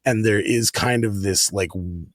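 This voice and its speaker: A man's voice: fairly low pitch, unhurried, dry recording, studio quality. A man guesting on a film podcast who talks casually about a movie, hesitating often as he works through his thoughts. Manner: hesitant, many fillers and restarts.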